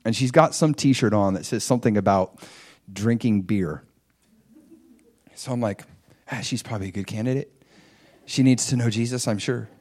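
A middle-aged man preaching a sermon, telling a personal story and acting out his own thoughts with energy. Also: mid-range voice.

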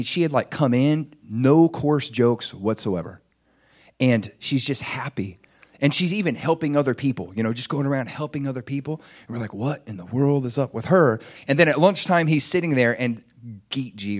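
A man preaching, telling a story in an animated way, chuckling and acting out what people said. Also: mid-range voice. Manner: animated, chuckling storyteller who acts out quotes. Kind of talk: sermon storytelling.

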